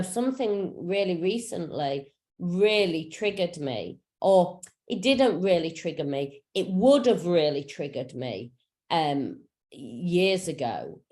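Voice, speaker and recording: A woman's voice: lowish voice, darkish tone. A woman spiritual coach teaching in a casual, frank way, full of fillers and the odd swear word, over a video call. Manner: frank and chatty, swears freely, many fillers.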